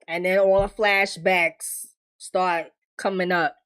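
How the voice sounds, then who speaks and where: A woman's voice: on the low side, flat delivery, slow pace, fairly bright tone, clear, resonant tone. A woman hosting a casual TV episode recap, talking straight to her viewers in an emphatic, exasperated way and swearing freely.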